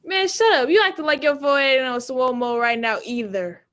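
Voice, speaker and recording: Girl doing a cocky teen boy, pitched up high, loud trash talk. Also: a little fast, close to an everyday voice. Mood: teasing. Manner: teasing slang banter. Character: joking teenage boy Lamar, friend of Jamal.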